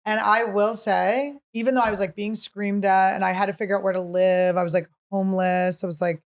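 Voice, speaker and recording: A woman's voice: medium pitch, brisk. A woman stand-up comedian hosting a podcast, chatting casually and telling stories with lots of acted-out lines. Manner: animated storyteller who acts out other people's lines.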